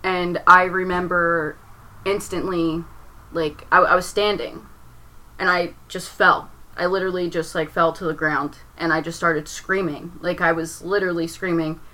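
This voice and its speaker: Young woman with a low, bright voice. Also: fairly even intonation, normal speed, rough recording. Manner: rambling, heavy use of "like", restarts under strain. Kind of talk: emotional personal storytelling.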